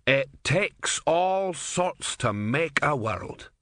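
A man's voice: on the high side, expressive, drawn-out words, fairly bright tone, no room sound, voice pushed up, heavily acted. A man voicing a chatty, folksy male barman in a storybook reading, rambling in a matter-of-fact way. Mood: chatty easygoing.

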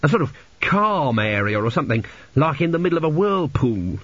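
A man's voice: a little high, very animated, fairly quick, fairly bright tone, slightly rough, no echo, muffled recording, voice pushed up, full character voice. A man doing a nervous, earnest young engineer. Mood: puzzled.

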